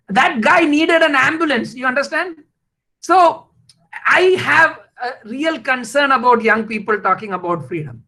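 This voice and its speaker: A man giving an emotional, rhetorical motivational talk full of halting restarts. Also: very high voice, lively intonation, sharp tone, low-quality recording. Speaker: invited speaker.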